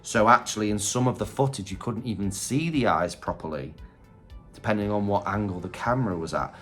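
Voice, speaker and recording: A man's voice: lowish voice, fairly quick, fairly bright tone, faint music behind. A man giving casual reaction commentary on Halloween props, chatty and candid, thinking aloud. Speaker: Halloween prop reviewer.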